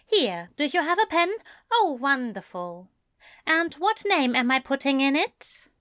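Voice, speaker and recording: A woman doing a gushing, cheerful gentleman author. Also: high-pitched, very animated, measured pace, no room sound, studio quality, pitched above the performer's own voice, full character voice. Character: fussy cheerful male author, polite and effusive.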